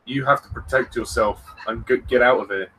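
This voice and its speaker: A man's voice: medium pitch, a little fast, bright, forceful tone, faint music behind, rough recording. A man casually commentating on a film, easygoing and agreeable. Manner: easygoing, agreeable, laughs often.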